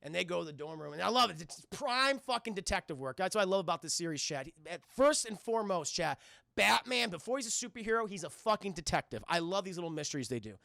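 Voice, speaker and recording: A man recapping a cartoon episode live to his stream chat, excitable and profane, constantly addressing the chat. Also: high voice, fast, vocal fry, dry recording, studio quality. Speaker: streamer and reviewer.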